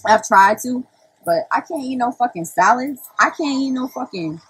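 A woman's voice: fairly high pitch, lively intonation, moderate pace, a bit bright, breathy edge, poor audio. A young woman chatting on a live stream to her viewers, brash and profane, laughing often. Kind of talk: casual livestream chat to viewers.

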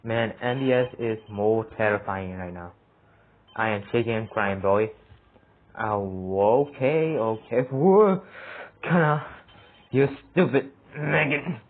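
A man with a husky, mid-pitched voice drawls through a horror game at a slow pace. He keeps up a running self-talk and bursts into yelps and laughs when something jumps out. The sound is thin and phone-like. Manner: excitable, yelps and laughs at scares, talks to himself. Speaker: gamer playing a horror game. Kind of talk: let's play commentary. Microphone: phone mic.

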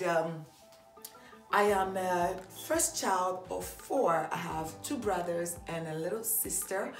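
A woman's voice: fairly low pitch, reverberant. A woman in her thirties from Ivory Coast with an Ivorian French accent, chatting upbeat and casually in a get-to-know-me vlog. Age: 30s. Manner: upbeat, chatty, laughing often. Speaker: vlogger.

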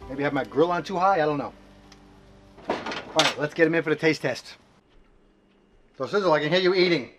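Cooking on camera at his home kitchen and grill, this co-host chats in a rambling, casual way, often starting over. His voice sits fairly high and moves a little fast, broken by long pauses, with music playing behind him.

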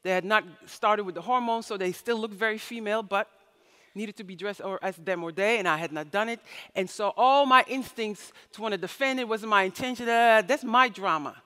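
With a bright, forceful tone and a pace a little on the quick side, this woman gives a conference keynote at medium pitch. She narrates stories expressively, imitating the people she quotes, and the large hall makes the recording reverberant.

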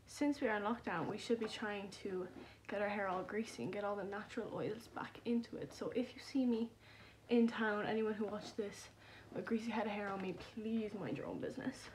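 A young woman talks straight into her phone camera at home in a loose, rambling vlog chat. She pokes fun at herself as she goes, and her voice sits in a middling pitch with a mellow, soft tone. A faint hiss runs underneath. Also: steady tone, a little fast. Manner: chatty, rambling, self-deprecating. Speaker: vlogger.

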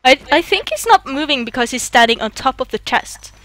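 A woman from Norway playing a co-op video game, panicking and shrieking with excitement. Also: high-pitched, a little fast. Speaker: gamer. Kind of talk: let's play co-op commentary.

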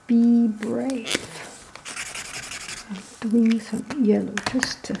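A woman whispering softly through a painting tutorial and humming little tunes between steps. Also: on the high side, steady tone, extremely slow, gravelly, long pauses, background noise. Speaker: painting instructor.

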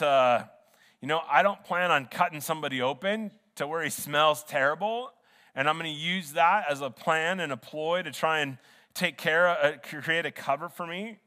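A man's voice: fairly high pitch, pushed and bright. A man preaching a sermon as pastor in a church, earnest and conversational, often restarting his sentences. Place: church sanctuary. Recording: long hall reverb in a church.

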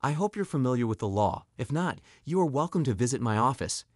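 A man's voice: medium pitch, lively intonation, a little fast, no room sound, studio quality, natural voice. A man voicing a wealthy lawyer in his seventies who speaks in a self-assured, kindly way. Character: wealthy old male lawyer, confident and kind.

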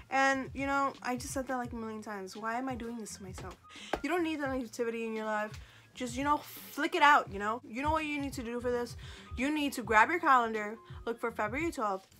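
A woman's voice: a little high, a little fast, a bit bright. A woman vlogger chatting casually to camera in a sassy, joking, self-mocking way. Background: faint background music.

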